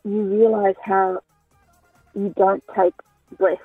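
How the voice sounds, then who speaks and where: A woman's voice: mid-range voice, level tone, slow pace, slightly rough, dry recording, far from the mic, faint music behind. A woman calling in to a radio show, chatting eagerly and agreeably. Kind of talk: casual chat. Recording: tinny phone line.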